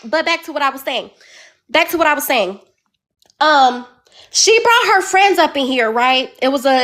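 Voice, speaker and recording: A woman, venting in a heated, repetitive way, calling in to a live advice stream. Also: high-pitched. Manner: heated, repeats phrases, rising to yelling. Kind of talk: emotional venting story.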